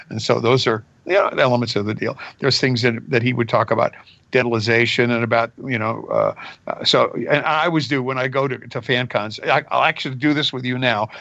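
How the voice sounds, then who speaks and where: An older voice actor chats through his stories, bouncing between his own voice and quick character bits. The sound is a little dull and dry, as from a remote recording. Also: medium pitch, dry recording. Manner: animated, jumps into character voices mid-story. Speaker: voice actor guest. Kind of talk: casual interview storytelling.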